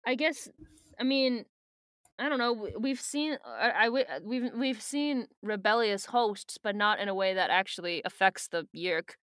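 Woman, podcast co-host, casual book chat, bright tone, dry sound, filler-heavy, sweary. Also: medium pitch, lively intonation, moderate pace, no room sound.

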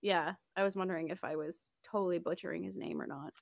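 A woman's voice: lowish voice, fairly even intonation, fast, vocal fry. A woman co-hosting a podcast in casual chat, laid-back, swearing casually and laughing along.

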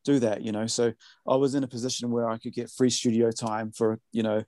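A man's voice: mid-range voice, little pitch movement, a little fast, warm tone, dry recording, studio quality. A man, a music producer, talking in a rambling casual podcast chat full of fillers.

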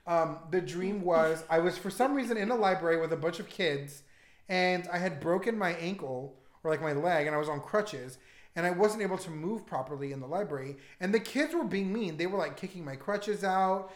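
In an echoey room, a young podcast co-host chats casually, telling rambling, stammering stories and cursing freely. His voice sits high, and he speaks at a moderate pace.

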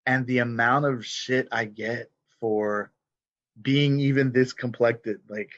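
A man's voice: slow pace, no room sound, dull audio. A man, telling stories in a casual conversation with many restarts. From South Texas. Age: 40s. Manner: animated, frequent restarts, jumps high when imitating relatives. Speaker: poet guest.

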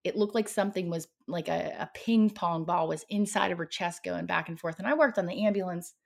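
A woman's voice: fairly low pitch, fairly quick, gravelly, a little mellow. A woman guest on a podcast, telling a personal paranormal story in a dramatic, vivid way.

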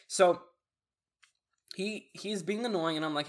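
A man's voice: sits high, expressive, fairly quick, pauses often, fairly bright tone. A young man in casual chat, laid-back and reflective, telling school stories and reacting with short quips.

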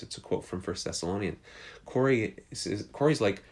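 Low-voiced man telling a story as sermon. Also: expressive, measured pace. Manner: earnest storytelling with frequent restarts. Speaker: preacher.

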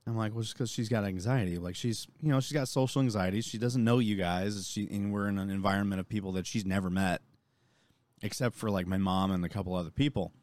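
A young man on a podcast, telling an animated story and quoting people as he goes. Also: lowish voice, fast talker, dry recording. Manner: animated storytelling, lots of swearing and quoting others. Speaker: podcast co-host. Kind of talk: casual chat.

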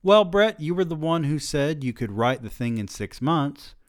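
A man's voice: fairly high pitch, big pitch swings, normal speed, no room sound, voice pushed up. A man putting on an arch female literary agent. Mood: teasing. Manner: arch, dry, teasing. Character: brisk middle-aged female literary agent.

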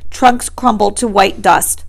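A woman teacher reading a novel aloud to her class, pausing to quiz her listeners. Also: mid-range voice, vocal fry.

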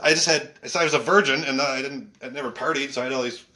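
A male stand-up comedian telling stories in casual chat, animated and laughing often, swearing freely. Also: medium pitch, fast. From Canada.

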